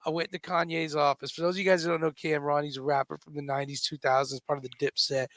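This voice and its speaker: A man co-hosting a comedy talk radio show, telling animated stories and acting out quotes. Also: fairly high pitch, fast, no room sound. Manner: animated storyteller, acts out quotes.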